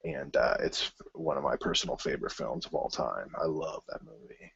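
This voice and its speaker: A man with a low, slightly husky voice hosts his own show about film news, speaking at a normal pace. He rambles in a relaxed way, tripping over restarts and filler words, then bursts into sudden excitement. The recording sounds dry and somewhat muffled.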